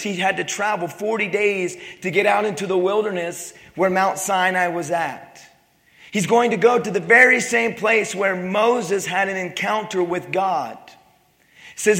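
A man preaching a sermon, retelling a scripture story with joking asides and dropping to a hush for quiet passages. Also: high-pitched, in a large hall. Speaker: pastor.

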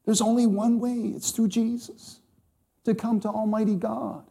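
Mellow-voiced man preaching a sermon. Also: high voice, little pitch movement, unhurried, gravelly. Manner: emphatic, scripture-quoting, addresses congregation directly.

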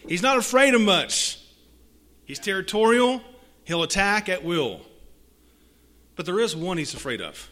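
Forceful, high-toned preacher man. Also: big pitch swings, unhurried, pauses often. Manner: dramatic swings from hushed to loud, with rhetorical repetition; reads scripture aloud with emphasis. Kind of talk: sermon.

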